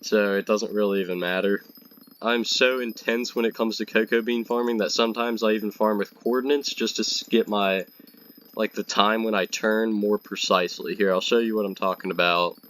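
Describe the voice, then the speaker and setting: A man's voice: fairly low pitch, fairly even intonation, moderate pace, a bit bright. A young man with a stuffy nose from being sick, rambling casually while playing a game. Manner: rambling, chatty, self-mocking. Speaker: gaming video creator.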